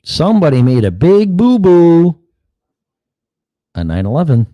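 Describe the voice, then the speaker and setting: A man's voice: on the high side, huge pitch swings, unhurried, pauses often, mellow, dry recording. A man hosting a show, delivering a blunt, heated political monologue full of swearing and mocking asides. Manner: blunt, heated, swears often, mocks opponents in put-on quotes. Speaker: podcast host.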